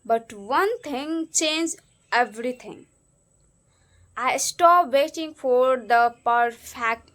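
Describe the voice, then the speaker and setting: A woman's voice: high voice, bright, forceful tone. A woman with an Indian English accent and Hindi as her first language, teaching a casual spoken English lesson in a chatty way, repeating phrases for learners.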